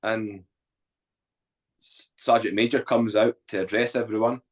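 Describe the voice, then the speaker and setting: Man, deepish voice, candid guest telling a story with lots of swearing. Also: a little slow. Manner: blunt, swears freely, animated retelling. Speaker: podcast guest.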